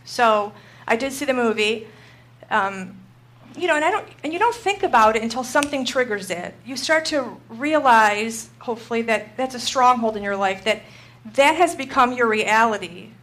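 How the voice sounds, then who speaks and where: A middle-aged woman teaching a Christian group, telling a personal story in an animated way and acting out her own panic. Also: a little high, moderate pace.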